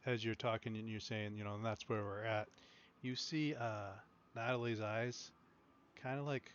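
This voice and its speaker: A man's voice: mid-range voice, fairly bright tone. A man narrating as game master in a loose, casual way, full of fillers, with dull lo-fi sound. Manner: loose, filler-heavy description.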